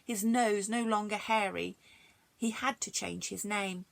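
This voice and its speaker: A woman librarian reading rhyming stories aloud to children, expressive and chatty between verses. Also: mid-range voice, measured pace, vocal fry. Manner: expressive, sing-song, chatty asides.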